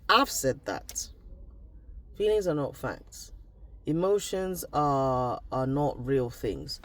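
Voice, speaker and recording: Reflective man, fairly high voice. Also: sing-song, takes it slowly, a bit bright. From Nigeria. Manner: reflective, trailing off and restarting thoughts. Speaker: vlogger. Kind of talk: casual reflective diary vlog.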